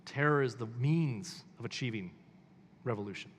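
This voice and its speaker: A man's voice: medium pitch, normal speed, big-room sound, slight background noise. A man reading a book aloud and commenting on it, with emphatic rising questions between quotes. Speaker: pastor.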